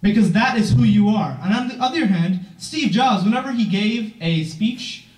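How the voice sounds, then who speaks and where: A man's voice: sits high, animated, moderate pace, darkish tone. A teenage boy giving a motivational speech at a corporate event, earnest and emphatic, asking the audience questions. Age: teens. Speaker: youth founder giving a talk. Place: event room, heard from a distance. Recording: echoey room from far off.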